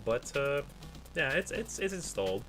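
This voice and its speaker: A man's voice: medium pitch, very animated, moderate pace, fairly bright tone, faint music behind. A male game streamer chatting casually at home, rambling with lots of fillers and restarts. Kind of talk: casual chat while gaming.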